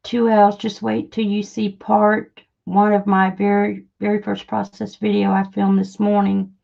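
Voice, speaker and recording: Slow-talking chatty woman. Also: medium pitch, monotone, creaky, a little mellow, dull audio. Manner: chatty, self-deprecating, many fillers. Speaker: crafting channel host. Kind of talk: casual livestream chat while crafting.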